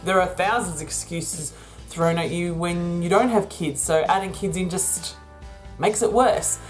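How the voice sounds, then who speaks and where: A woman's voice: on the low side, unhurried, faint music behind. A woman talking through a rambling, casual vlog about her business, laughing often. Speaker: vlogger and virtual assistant business owner.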